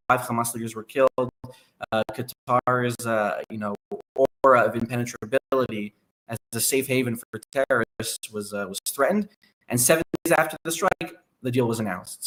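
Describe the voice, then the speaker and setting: A man speaking as a guest analyst on a podcast, explaining at length in a measured way. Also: mid-range voice, a bit bright, rough recording. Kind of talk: conversational podcast interview.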